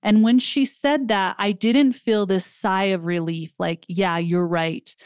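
Woman host, smooth clear voice, dry close sound, animated storytelling with acted-out quotes. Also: mid-range voice, a little slow, no room sound. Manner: animated retelling, acts out quoted dialogue. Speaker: podcast host. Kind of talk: personal storytelling.

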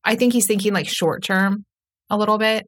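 A woman's voice: mid-range voice, steady tone, moderate pace. A woman co-hosting a podcast, chatting casually and recapping a show, with frequent "like" fillers and quotes she acts out. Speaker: podcast co-host.

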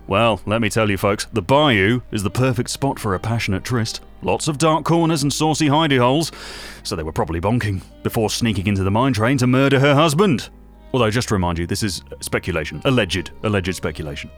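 An actor playing a gossipy, self-regarding British local radio host with a British accent, rambling from one aside to the next in a comedy radio monologue. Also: male voice, lowish voice, lively intonation, fairly quick, faint music behind, natural voice.

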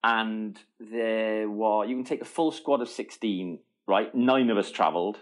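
A middle-aged man, telling a story as an interview guest, lively and laughing, often restarting his sentences. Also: on the low side, unhurried. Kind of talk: casual storytelling.

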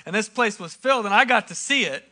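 A man's voice: high voice, lively intonation, fast, bright, forceful tone. A man speaking casually to a congregation, with a loose, filler-heavy delivery.

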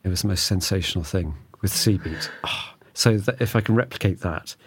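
A man's voice: sits low, a little fast. A man hosting a podcast in a studio, chatty and self-mocking, laughing often. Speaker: podcast host. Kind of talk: casual studio chat.

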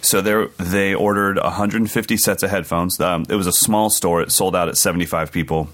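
A man from California, a touring drummer, telling animated stories over a remote call, often laughing. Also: deep voice, brisk. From California, United States. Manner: animated, laughing storyteller, drops into quoted voices. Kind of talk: casual storytelling over a call.

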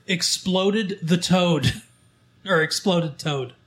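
A man hosting a local show, reading from a newspaper in casual chat, halting with fillers and restarts as he goes. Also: high-pitched, a bit bright.

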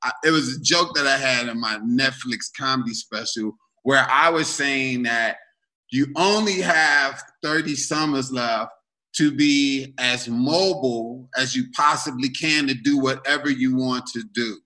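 A man in his forties, a comedian guest on a chat podcast, telling animated stories, laughing often and acting out what people said. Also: medium pitch, measured pace, low-quality recording. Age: 40s. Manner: animated storyteller who laughs often and acts out quotes.

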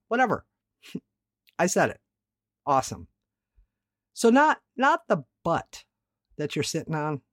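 A woman's voice: deep voice, dry recording, studio quality. A woman hosting a self-help podcast, talking candidly and emphatically, with offhand swearing. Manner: emphatic, repeats words for stress. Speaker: podcast host.

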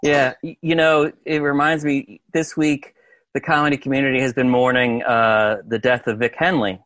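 A man hosting an interview, asking quick questions with frequent restarts. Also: medium pitch, level tone, fairly bright tone, no room sound. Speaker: interviewer host. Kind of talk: casual interview.

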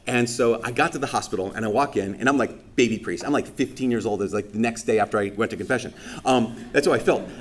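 A man's voice: lowish voice, fast talker. A male Catholic priest preaching a sermon, telling a personal story with self-deprecating humor and acting out the dialogue.

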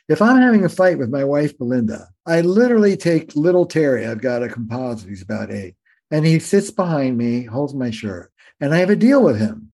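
An older man with a fairly high voice who talks like a practiced storyteller. He is animated and emphatic, leaning on repetition to drive his points home. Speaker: guest, family therapist. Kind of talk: conversational storytelling.

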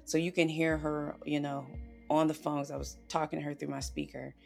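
A woman's voice: low voice, flat delivery, fairly quick, gravelly, soft background music. A woman on a podcast telling a personal story in an earnest, emotional way, with lots of "you know" and "like". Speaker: podcast guest.

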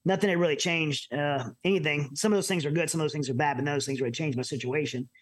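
A middle-aged man from the United States telling his personal story as an interview guest, earnest and halting with many restarts. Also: a little high. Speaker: podcast guest.

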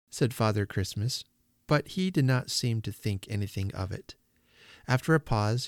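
A man, host of a podcast, reading an old story aloud in a calm, measured way. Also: lowish voice, no room sound, clean studio sound. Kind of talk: storybook narration.

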